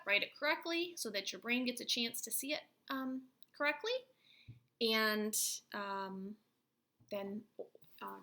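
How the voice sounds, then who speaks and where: A woman's voice: a little high, pushed and bright. A woman teacher giving a recorded phonics and spelling lesson, patiently spelling out letters and sounds. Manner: patient, slow letter-by-letter explaining.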